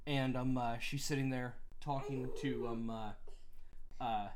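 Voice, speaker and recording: A man recaps the plot of a book in loose, casual chat. He rambles and stalls on fillers between quick summaries. His voice sits in a middle pitch. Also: fairly even intonation, background noise. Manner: rambling, full of ums and uhs, quick acted quotes. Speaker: podcast co-host.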